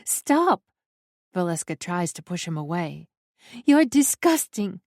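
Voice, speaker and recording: A woman narrator voicing a defiant young woman who speaks softly and reassuringly to a friend. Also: fairly low pitch, a little slow, no room sound, clean studio sound. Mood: frightened. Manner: soft and reassuring, then frightened and forceful.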